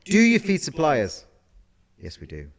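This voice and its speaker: A man's voice: on the high side, wildly swooping pitch, a little slow. A man co-hosting a casual podcast as a caterer, explaining things in detail with asides and self-corrections. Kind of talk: casual chat.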